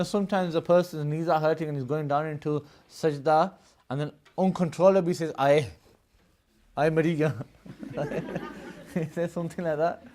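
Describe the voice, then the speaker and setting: A man's voice: a little high, dark tone. A man teaching a live classroom lesson, explaining at length, laughing often, and checking in with his students as he goes. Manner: explanatory, keeps checking in with "Yes?" and "Yeah?". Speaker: religious studies teacher.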